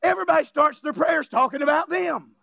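High-voiced, gravelly preacher man. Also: a little fast, highs cut off. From Louisiana. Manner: emphatic preaching, bursts of shouting, jokey asides and chuckles. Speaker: pastor. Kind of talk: sermon.

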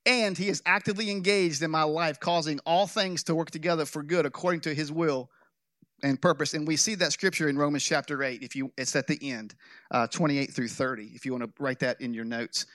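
Animated man preaching, higher voice. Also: fairly quick, dry recording, studio quality. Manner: animated, joking, with restarts. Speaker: pastor. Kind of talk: sermon with storytelling.

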